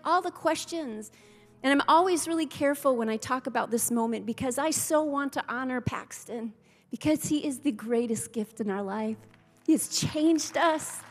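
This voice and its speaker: A woman pastor giving a heartfelt, personal sermon to her congregation, telling her story openly and emotionally. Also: high-pitched. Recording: live sermon with hall reverb and soft music.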